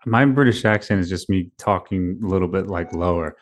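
Male podcast co-host, somewhat low voice, playful banter. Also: a little fast. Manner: playful, jokey. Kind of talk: casual sports podcast chat.

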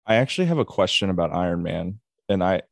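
A man's voice: sits low, lively intonation, fast talker, creaky, no echo, clean studio sound. A man hosting a casual podcast chat, rambling and restarting his sentences as he asks questions. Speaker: podcast host.

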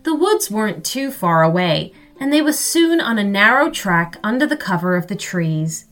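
A woman narrating a children's story in an expressive way. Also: mid-range voice, moderate pace, faint music behind. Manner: expressive and lively.

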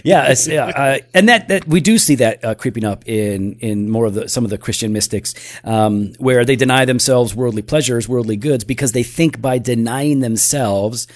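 A man's voice: mid-range voice, moderate pace, few pauses, dry recording, clean studio sound. A man co-hosting a casual theology podcast, earnest and a bit teasing, often restarting his sentences. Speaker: podcast co-host.

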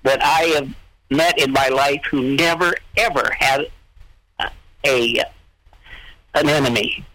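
An older comedian chatting as a guest, giving brief, wry replies. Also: male voice, mid-range voice, takes it slowly, bright, forceful tone, no echo, rough recording. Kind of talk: casual radio chat.

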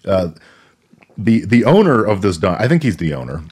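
A man with a lowish voice co-hosting a casual podcast. He walks through a movie's plot in a laid-back, dry way and tosses in the odd character line. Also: sing-song, moderate pace, darkish tone, husky. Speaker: podcast co-host. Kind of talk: casual movie recap chat.

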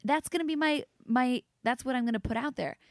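Woman, casual podcast chat, animated, gravelly fry, dry studio sound. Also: brisk, dry recording. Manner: animated, chatty, swoops up in pitch. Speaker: guest.

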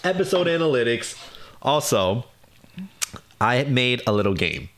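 A young man co-hosting a podcast in casual chat, playful and quick to pun and laugh. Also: mid-range voice, big pitch swings, fairly bright tone. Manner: playful, punning, laughs often. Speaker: podcast co-host.

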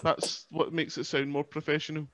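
A man's voice: fairly high pitch, level tone, moderate pace, background noise. A young Scottish man hosting a casual podcast chat, self-mocking and laughing often. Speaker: podcast host.

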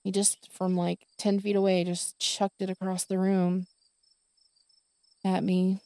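A woman's voice: mid-range voice, monotone, slow, warm tone, dry recording. A middle-aged woman telling a personal story on a podcast, rambling with many fillers and restarts. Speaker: podcast host.

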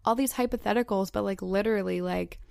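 Gushing young woman with gravelly fry. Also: mid-range voice, fast talker, warm tone, dry recording, studio quality. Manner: chatty, heavy use of "like", gushing. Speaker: podcast host. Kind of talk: casual solo chat.

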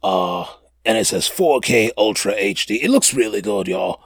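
A man's voice: fairly low pitch, very animated, moderate pace, husky, no room sound. A man hosting a casual podcast, rambling and slangy, with many fillers and restarts. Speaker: podcast host. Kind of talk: casual chat.

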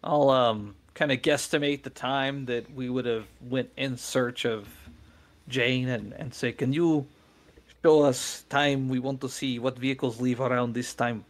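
A man's voice: medium pitch, steady tone, unhurried. A man playing in a tabletop role-playing game, urgent and blunt, swearing and cutting in on the others. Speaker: player. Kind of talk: casual tabletop game play.

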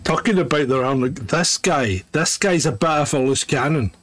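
Opinionated laughing podcast host. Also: male voice, a little high, moderate pace, fairly bright tone. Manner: opinionated, laughs often, restarts a lot. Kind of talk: casual chat.

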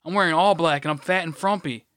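Profane ranting man, high voice. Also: fast talker, fairly bright tone, smooth, no room sound, clean studio sound. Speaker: podcast co-host. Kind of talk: casual chat.

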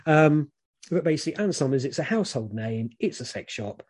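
A British man giving frank, relaxed advice in casual chat, rambling with many fillers. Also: fairly high pitch, brisk, husky.

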